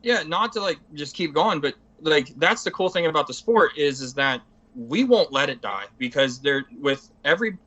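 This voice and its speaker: A man's voice: on the high side, animated, moderate pace, a bit bright, highs cut off. A man chatting as a guest on a casual show, rambling eagerly with many filler phrases. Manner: rambling, eager, heavy on "you know". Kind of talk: casual chat.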